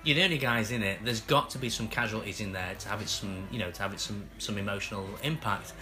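A man with a Stockport accent, an actor chatting as an interview guest, self-mocking and quick to laugh. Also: fairly low pitch, over music. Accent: Stockport, northern English. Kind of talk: casual interview chat.

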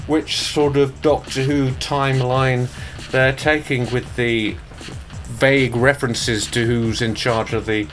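A man's voice: mid-range voice, steady tone, measured pace, a bit bright, soft background music. An Irish man in casual podcast chat, reading out the news in a distracted, self-mocking way, stumbling over names. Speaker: sound designer reading the news.

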